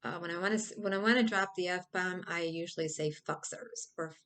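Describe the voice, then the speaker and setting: A woman's voice: fairly low pitch, fast talker, fairly bright tone. A woman hosting her own video, talking through a topic in a loose, rambling way and acting out silly examples. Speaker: video host. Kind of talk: casual explainer monologue.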